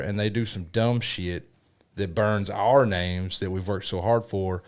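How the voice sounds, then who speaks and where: A man's voice: fairly low pitch, steady tone, normal speed, darkish tone, clear, resonant tone. A man who runs a custom motorcycle shop, chatting casually on a podcast, emphatic and swearing freely. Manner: profane, emphatic and fired up.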